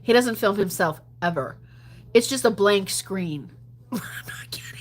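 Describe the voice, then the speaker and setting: Speaking a little slowly, this gambling livestreamer keeps things casual while answering what viewers post. She's talkative and animated, laughing often, with her voice veering from lively bursts to quiet whispers and mutters.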